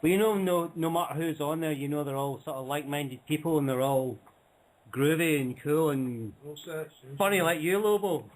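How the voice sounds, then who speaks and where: Upbeat male participant, slightly higher voice, eager casual delivery. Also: normal speed. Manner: enthusiastic, upbeat. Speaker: call-in participant. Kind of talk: casual call-in chat.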